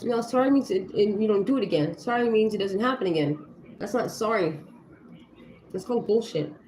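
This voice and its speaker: She's a livestreamer and mom of young children, chatting casually but bluntly, angrily swearing and scattering "like" and "you know" throughout. Her mid-range voice is expressive, a touch fast and slightly mellow, heard in an echoey space with faint ambient sound.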